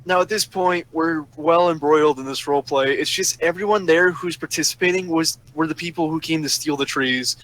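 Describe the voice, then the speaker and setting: Man, higher voice, swearing, sarcastic, angry ranting monologue. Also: fairly quick, hardly any pauses, fairly bright tone, poor audio. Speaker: storyteller ranting about a roleplay server.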